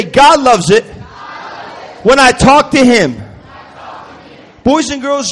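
A man giving a playful, call-and-response children's sermon at a church youth night, teasing and animated. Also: very high voice. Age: adult. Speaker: children's minister. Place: church youth event hall. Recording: echoey hall reverb.

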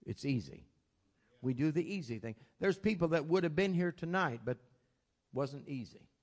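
High-voiced older man preaching folksy. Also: animated, moderate pace. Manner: folksy storytelling with plain southern-style grammar; swings from loud exclamations to low asides. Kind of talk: sermon.

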